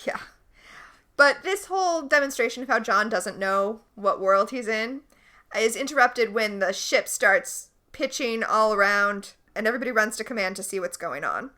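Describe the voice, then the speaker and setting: A woman co-hosting a casual podcast, recapping a TV episode with enthusiastic, animated storytelling. Her voice is bright and forceful, sitting a bit high. Her pitch swings widely from line to line. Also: moderate pace. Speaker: podcast co-host.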